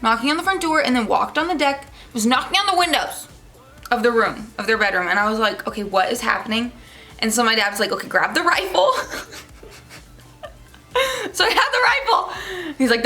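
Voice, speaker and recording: A young woman vlogger casually telling a rambling story to her viewers, with lots of fillers. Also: a little high. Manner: animated, rambling, with many fillers.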